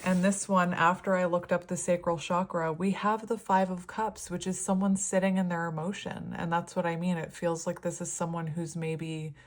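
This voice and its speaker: A woman's voice: lowish voice, little pitch movement, normal speed, hardly any pauses. A woman giving a casual, rambling tarot reading, her words slightly slurred. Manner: rambling, chatty, laughs often. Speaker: tarot reader.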